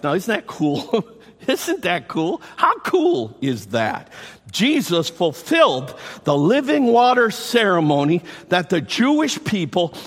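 A man preaching a sermon, enthusiastic and animated, repeating phrases for emphasis. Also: on the high side. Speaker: pastor. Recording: long reverb from the hall.

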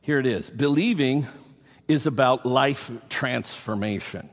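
A man preaching a sermon, emphatic and animated, with playful asides to the congregation. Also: medium pitch, unhurried. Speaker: pastor. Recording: long hall reverb.

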